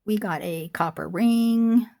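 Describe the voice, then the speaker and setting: A chatty woman sells jewelry online from home, rambling through asides as she shows items. She speaks slowly in a medium-pitched, gravelly, darkish voice, and a chair squeaks in the room.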